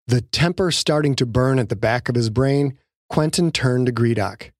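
A man narrating his own novel as an audiobook, reading in a dramatic, lively way. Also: mid-range voice, moderate pace, dry recording, clean studio sound. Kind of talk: scripted narration.

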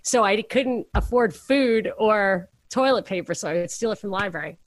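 A woman's voice: medium pitch, moderate pace, no echo. A middle-aged woman on a podcast, telling rambling, self-deprecating stories in casual chat. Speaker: podcast co-host.

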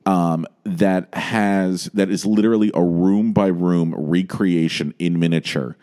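A man's voice: low-pitched, measured pace. A man co-hosting a podcast, playful and jokey in casual chat. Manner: playful, jokey, lively swings. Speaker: podcast co-host.

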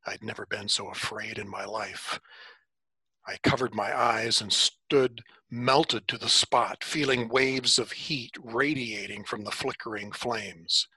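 A man telling a story in the first person, unhurried, with dramatic pauses. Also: fairly low pitch, fairly even intonation, bright, forceful tone, slightly rough, no echo.

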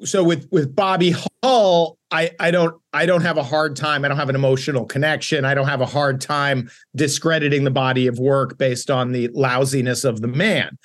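A man's voice: mid-range voice, steady tone, moderate pace, few pauses. A middle-aged man co-hosting a sports talk show, telling rambling stories with wry asides. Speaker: co-host. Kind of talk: casual sports podcast chat.

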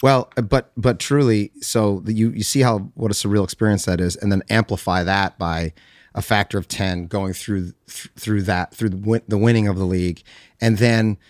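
A man co-hosting a podcast in casual chat, halting and restarting his sentences. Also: fairly low pitch, steady tone, no echo, clean studio sound. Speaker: podcast co-host.

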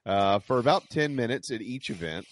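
A man's voice: mid-range voice, expressive, normal speed, background noise. A man hosting a sports talk show, teasing his co-hosts wryly and plugging events. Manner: wry, exasperated teasing. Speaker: radio show host.

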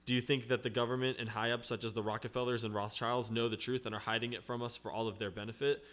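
A man hosting a podcast, reading listener questions aloud in a plain, steady voice. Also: medium pitch, fast.

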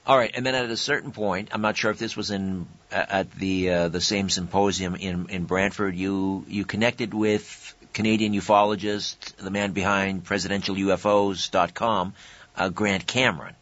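A man's voice: sits low, level tone, moderate pace, a bit bright, lo-fi sound. A male host asking interview questions in a hesitant way, with many fillers.

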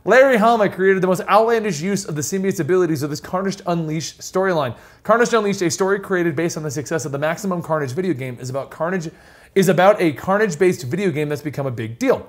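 A man's voice: high-pitched, fast. A man hosting a podcast in casual chat, reading out a list and laughing often as he talks.

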